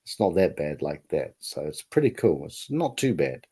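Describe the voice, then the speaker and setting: Rambling New man, mellow voice. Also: extremely low pitch, big pitch swings, moderate pace, breathy edge. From New Zealand. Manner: rambling, repeats himself. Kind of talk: casual chat.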